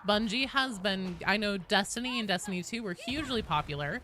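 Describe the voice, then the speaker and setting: A woman in her thirties streaming a game, chatting casually with viewers, joking and sometimes bursting into loud swearing. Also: mid-range voice, lively intonation, a little fast. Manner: chatty and jokey, breaks into loud swearing outbursts. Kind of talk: casual live-stream chat answering viewers.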